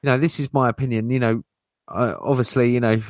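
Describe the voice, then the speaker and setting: A man's voice: medium pitch, steady tone, fast, dry recording, studio quality. A man co-hosting a casual livestream who rambles his opinions, packing his talk with "you know" and "like". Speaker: co-host.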